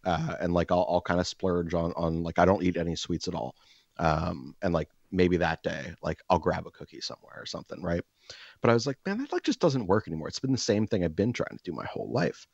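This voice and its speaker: This man has a low, deep voice, recorded close and dry on a slightly dull mic. He tells a story in a loose, rambling way, packed with "like" fillers and crude jokes. When he acts out quoted lines, his pitch jumps up. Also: fairly quick, vocal fry, no echo. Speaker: podcast host. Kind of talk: casual storytelling chat.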